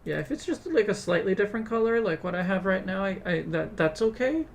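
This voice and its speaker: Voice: mid-range voice, lively intonation, brisk, vocal fry, slight background noise. A streamer chatting casually while designing, hesitant and often restarting sentences. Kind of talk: casual live-stream chat.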